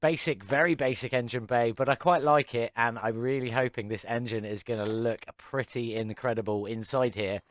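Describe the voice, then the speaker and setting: A man's voice: mid-range voice, fairly even intonation, normal speed, hardly any pauses, dry recording. Chatty man talking over gameplay. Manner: chatty, upbeat, self-mocking. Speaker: gaming channel host. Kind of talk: casual gameplay commentary.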